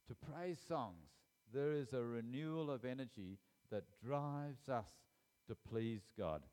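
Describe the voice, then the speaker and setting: A man delivering a sermon in an emphatic, earnest way. He repeats his key points and lifts his voice sharply to stress them. His pitch sits in an ordinary middle range. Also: lively intonation, slow pace, a little mellow, clear, resonant tone. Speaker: preacher.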